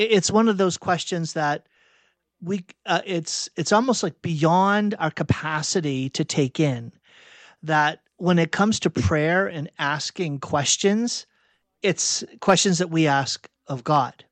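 Halting reflective male preacher. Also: fairly high pitch, dry recording. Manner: reflective, halting with restarts and self-corrections. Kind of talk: sermon.

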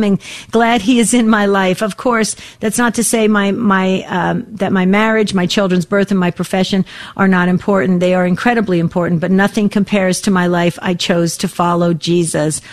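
A woman's voice: mid-range voice, fairly even intonation, fairly quick. Chatty woman hosting a faith call-in show. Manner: warm, emotional, many fillers and restarts. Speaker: host of a Catholic call-in radio show. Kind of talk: call-in radio talk.

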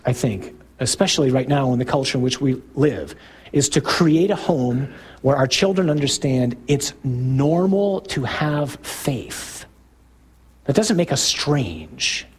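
A middle-aged man, a Catholic priest, giving an emphatic, conversational talk to a parish group, putting questions to the audience and rising to loud bursts on key points. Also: mid-range voice, slightly rough.

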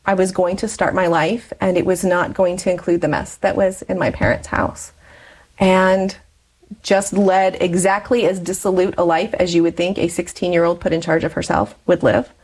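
A woman's voice: fairly low pitch, fairly even intonation, normal speed, a little mellow, breathy edge, poor audio. Chatty woman in her forties telling a personal story. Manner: chatty, laughs often between phrases. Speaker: interview guest.

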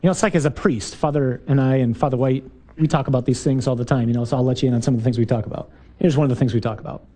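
In a mid-range voice that races along, a priest gives his parish group a lively, emphatic talk. He fires off rhetorical questions and hammers home punchy lines again and again.

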